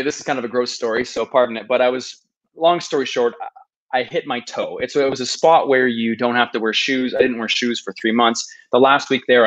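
A man in his thirties tells his own story on a podcast, earnest and self-deprecating, often restarting his sentences. His voice sits at an ordinary middle pitch for a man. The recording sounds slightly dull and lo-fi. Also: fairly bright tone. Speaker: podcast guest, travel video maker. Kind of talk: casual storytelling interview. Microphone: podcast microphone.

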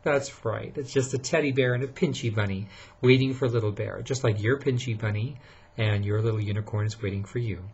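Husky father reading a bedtime story. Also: on the low side, brisk, dull audio. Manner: soft, lively storytelling that asks the child questions.

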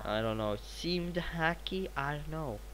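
A teenage boy, sounding a little sick, narrating his gameplay in a rambling, excitable way with sudden bursts of repeated exclamations. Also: a little high, measured pace, background noise. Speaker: gaming channel host. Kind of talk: gameplay commentary.

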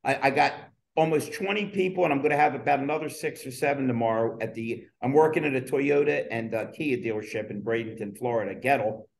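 Gravelly man coaching on mindset. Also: mid-range voice, brisk, hardly any pauses. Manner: rhetorical, coaching tone. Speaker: podcast co-host. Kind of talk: casual chat.

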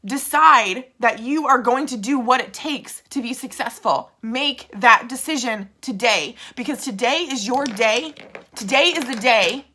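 A woman's voice: a little high, measured pace, sharp tone, husky. A woman giving an emphatic motivational pep talk to her sales team, repeating fervent affirmations. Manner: emphatic, mildly profane. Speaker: leader of a makeup sales team.

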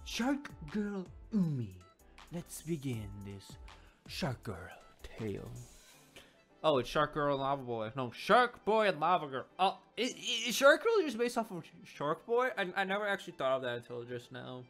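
A man chatting loosely about a web comic for his video audience. His delivery is lively and full of pitch swings, and he often circles back to fix his own phrasing. Soft music runs quietly behind him. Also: normal speed. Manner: rambling, self-correcting, animated. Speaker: comic reviewer. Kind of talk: casual video commentary. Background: faint background music.

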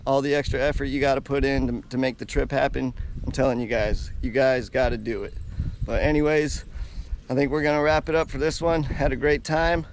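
A man's voice: medium pitch, steady tone, a little fast, a little hiss or hum. A man hosting a casual vlog, talking to the camera in an easygoing, enthusiastic, plainspoken way. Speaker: vlog host.

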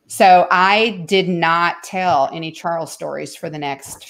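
Low-voiced middle-aged woman telling a story. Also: a little slow, creaky. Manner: earnest, drops to a hushed voice in tender moments. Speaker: speaker and author on homeschooling. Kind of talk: emotional personal storytelling in an interview.

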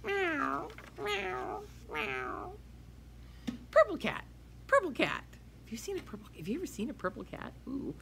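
A woman preschool teacher reads a picture book aloud to young children, speaking fast in a fairly high, animated sing-song voice with hushed, whispered asides. There's slight background noise.

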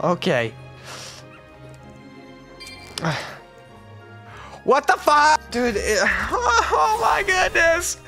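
A young man talks over his gameplay in a loose, jokey ramble, his pitch swinging all over the place and breaking into squeals when he gets excited. Soft music plays quietly behind him. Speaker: gaming YouTuber. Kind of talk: gaming commentary.

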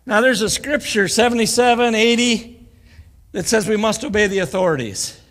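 A man's voice: high-pitched, moderate pace, a bit bright. An older man giving a folksy, joking sermon as a guest preacher, acting out quoted voices. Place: church sanctuary. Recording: church live stream with long reverb.

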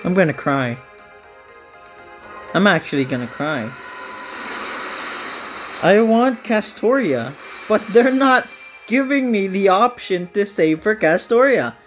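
A woman's voice: mid-range voice, lively intonation, slow, pauses often, over music, rough recording. A woman hosting a gaming video, giving casual commentary on her game pulls in an anxious, pleading, dramatic way.

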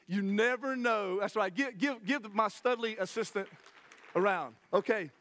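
A middle-aged man, preaching a sermon to his church in a folksy, animated way with many restarts. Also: high-pitched, measured pace. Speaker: pastor. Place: church sanctuary.

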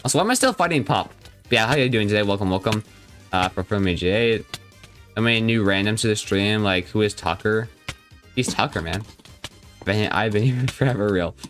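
A man's voice: lowish voice, lively intonation, fairly quick, fairly bright tone, faint music behind. A young man live-streaming a game, chatting casually and joking as he reads and answers his viewers' chat.

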